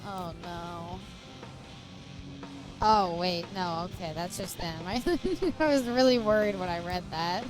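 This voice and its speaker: A woman's voice: on the low side, normal speed, music in the background, rough recording. A woman streaming a game, chatting casually, laughing often and bantering with chat. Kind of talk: casual livestream chat while gaming.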